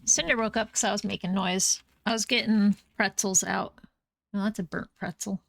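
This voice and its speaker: A woman's voice: medium pitch, steady tone, moderate pace, vocal fry, a bit bright. A woman streaming a game live, chatting casually and breaking off to scold and coo at her cats.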